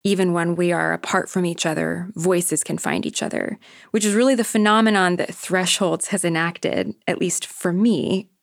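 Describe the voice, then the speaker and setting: A woman hosting a podcast, reading a reflective, measured introduction. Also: on the low side, gravelly, no room sound, studio quality. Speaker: podcast host. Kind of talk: scripted narration.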